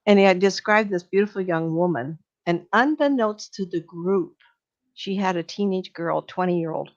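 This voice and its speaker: A woman's voice: on the low side, normal speed. An older woman, a medium, telling chatty, meandering stories to a live audience, laughing and acting out what people said. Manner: chatty, meandering storytelling with laughs and acted-out quotes. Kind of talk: storytelling talk to a live audience. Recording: dull lo-fi recording.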